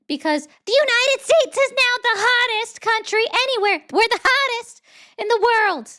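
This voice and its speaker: A woman's voice: very high-pitched, animated, moderate pace, sharp tone, voice pushed up, heavily acted. A woman voicing a boastful, rambling older male president who insults his rivals.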